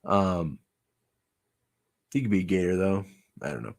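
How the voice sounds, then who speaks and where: A man's voice: low-pitched, unhurried, creaky. A man making a puppet, rambling and musing aloud in casual vlog chat. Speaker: puppet maker.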